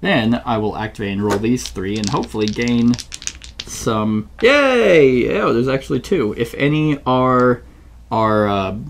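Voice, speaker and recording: A man's voice: medium pitch, unhurried, slight background noise. A man hosting a solo board game playthrough, thinking aloud and often searching for the right word mid-sentence. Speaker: channel host playing a board game solo.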